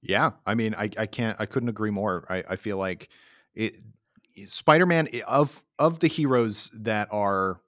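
A man's voice: on the low side, unhurried, a bit bright, dry recording, studio quality. A man hosting a podcast in an easygoing, joking way with hesitant fillers. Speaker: podcast host. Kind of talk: casual podcast chat.

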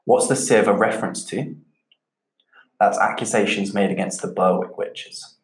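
A man with a fairly low voice explains a literature lesson in a calm, measured way, going back over key points for his students. The recording sits in a noticeably echoey room. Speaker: teacher.

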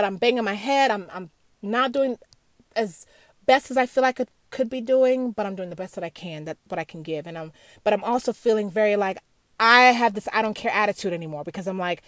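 A woman's voice: on the high side, normal speed, no echo. A middle-aged woman sharing a candid, earnest personal reflection on faith, emotional and full of restarts and asides.

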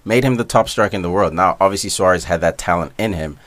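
A man's voice: low-pitched, fast talker, a bit bright, dry recording. A man co-hosting a casual soccer podcast, making long laid-back arguments full of slang. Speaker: podcast co-host.

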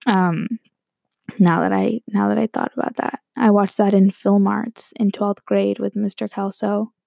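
A woman's voice: mid-range voice, steady tone, a little slow, gravelly, dark tone, no echo, clean studio sound. A young woman hosting her own podcast, rambling casually with lots of "like" and "um". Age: young adult. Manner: chatty and rambling, many likes and ums. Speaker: podcast host. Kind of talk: solo casual podcast chat.

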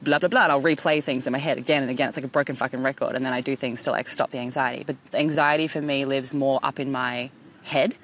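A woman hosting a podcast outdoors by the water, telling an animated story, swearing and acting out voices. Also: extremely low pitch, fast, a little hiss or hum. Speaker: podcast host. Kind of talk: casual storytelling chat.

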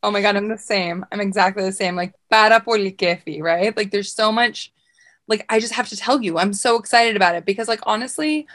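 A woman co-hosting a casual chat podcast, talking in an excitable, animated way with many fillers. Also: medium pitch, fairly quick. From North America. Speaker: podcast co-host.

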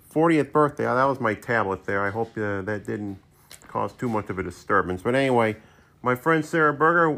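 A man hosting a solo podcast in a casual, chatty monologue. His voice sits at a middling pitch, and he keeps his delivery wry and self-deprecating. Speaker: podcast host.

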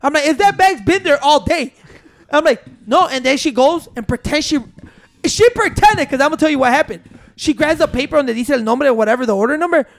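High-voiced man telling a story. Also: animated, brisk, creaky, dry recording. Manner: rambling, profane, mixing in Spanish, keeps saying "wait". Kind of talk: casual storytelling among friends.

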